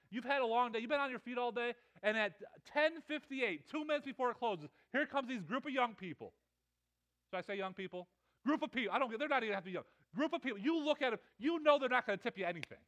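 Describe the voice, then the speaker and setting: High-voiced stammering male preacher. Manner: animated, stammering repetitions, voice swells and drops. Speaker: pastor. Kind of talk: sermon.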